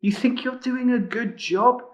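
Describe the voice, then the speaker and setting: A man's voice: extremely high pitch, unhurried, a bit bright, voice pushed up. A man voicing a sneering male schoolyard bully who taunts in a sing-song, mocking way. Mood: taunting. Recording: muffled lo-fi recording.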